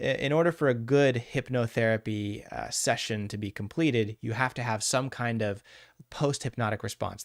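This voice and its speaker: A man at a mid pitch teaches a live hypnosis class in a loose, blunt way, swearing now and then and calling on viewers by name. The sound is close and dry, with no room echo. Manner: animated, blunt and profane, answers chat by name. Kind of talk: casual livestream lecture.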